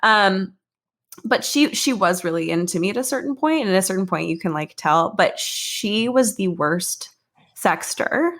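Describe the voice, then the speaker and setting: Young American woman, animated and candid, laughs a lot, casual podcast talk. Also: medium pitch, moderate pace. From United States. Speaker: podcast guest.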